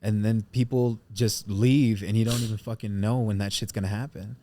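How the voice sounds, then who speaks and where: A man with a somewhat low voice co-hosts a casual podcast. He talks openly, reads a passage aloud and gets emotional. He swears now and then. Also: fairly even intonation, normal speed, mellow, slight background noise. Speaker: podcast co-host.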